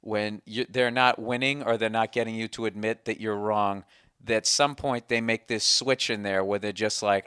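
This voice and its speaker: A man spins a comic story in a loose, rambling way, swearing freely and poking fun at himself. His voice is smooth and clear. The sound is dry and close to the mic. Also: on the low side, fairly even intonation, normal speed, sharp tone, no echo. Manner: rambling, profane, self-mocking. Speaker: podcast host. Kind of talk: casual comedic storytelling.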